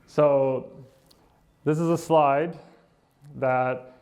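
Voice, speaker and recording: A middle-aged dentist with a slightly high, mellow voice speaks extremely slowly with fairly even intonation. His casual presentation is conversational, peppered with fillers, laughs, and "right?" asides.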